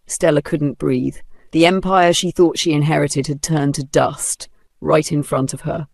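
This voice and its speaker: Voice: mid-range voice, fairly even intonation, a little slow, vocal fry, dry recording, studio quality. A narrator telling a dramatic folktale in a vivid storybook style.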